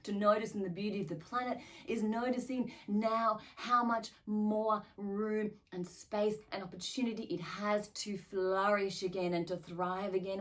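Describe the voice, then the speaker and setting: A woman channeling effusive cosmic spirit beings, slow and distant. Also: mid-range voice, natural voice. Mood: earnest.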